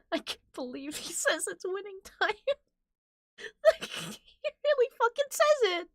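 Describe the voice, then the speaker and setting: A woman's voice: very high voice, big pitch swings, slow pace, fairly bright tone, no echo. A woman from New Jersey giving game commentary as a streamer, giggly, profane and incredulous.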